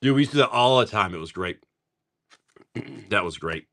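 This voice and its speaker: A man's voice: on the low side, expressive, vocal fry, fairly bright tone. A middle-aged man hosting a live stream, opening card packs, rattling off card names and telling joking stories in casual chat. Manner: rapid card-name rundowns mixed with joking stories.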